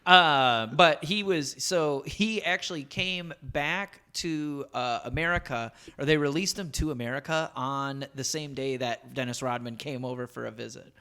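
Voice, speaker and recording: A man's voice: mid-range voice, a little slow, few pauses, bright, forceful tone, clean tone. A man hosting a casual, comedic podcast chat, swearing freely and laughing often as he rambles. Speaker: podcast host.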